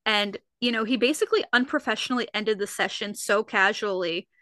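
A woman's voice: mid-range voice, fairly quick, dry recording, clean studio sound. A woman co-hosting a podcast, chatting casually and animatedly, often acting out lines from scenes. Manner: animated, acts out quotes from scenes. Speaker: podcast co-host. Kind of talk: casual chat.

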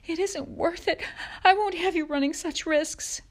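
A woman reading aloud, voicing a frightened, scolding pioneer mother in a high, pleading, tearful voice. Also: a little slow. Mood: scolding sobbing. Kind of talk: audiobook reading.

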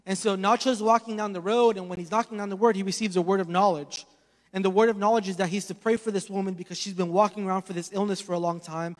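Male pastor, very high voice, storytelling sermon with loud peaks and quiet asides, long hall reverb. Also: steady tone, fast talker. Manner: storytelling preacher, swings from loud emphasis to hushed asides.

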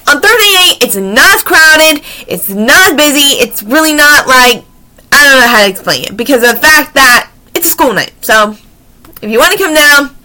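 A woman's voice: high voice, pushed and bright. A woman hosting a storytime show, chatting casually to her listeners and emphatically repeating her pleas. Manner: emphatic, repeats herself pleadingly. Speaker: storytime host.

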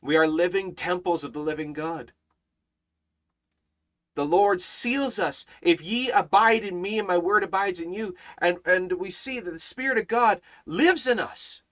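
A man's voice: high-pitched, unhurried, a bit bright. A man teaching a Bible study in a preaching style, emphatic and repeating phrases with rising and falling force.

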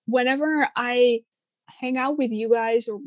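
A young Dutch woman, whose first language is Dutch, chatting casually in English with a Dutch accent. Her throat is a little sore, and she talks in an animated, chatty way full of fillers. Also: a little high, unhurried, dry recording. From Netherlands. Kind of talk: casual chat.

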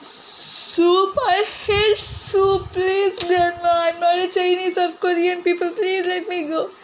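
A woman's voice: very high voice, flat delivery, slow, slight background noise, low-quality recording. A woman playing a whiny grandchild who pleads with his grandmother in a comedy skit. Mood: pleading. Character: whiny scolded grandchild boy. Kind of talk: amateur comedy cooking skit.

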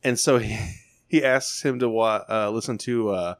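A man's voice: on the low side, measured pace, no room sound. Young man telling rambling stories, dry mic. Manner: rambling storyteller, heavy swearing, lively quoted voices. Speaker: podcast co-host. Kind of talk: casual podcast chat.

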